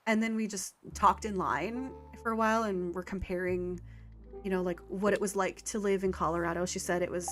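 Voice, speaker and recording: A woman talks at an easy, mid-range pitch while streaming a farming game. Her casual chat wanders from one thought to the next, full of fillers and small asides. Faint game music plays quietly underneath. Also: fairly even intonation. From Canada. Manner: rambling and chatty, with filler words and quick laughs.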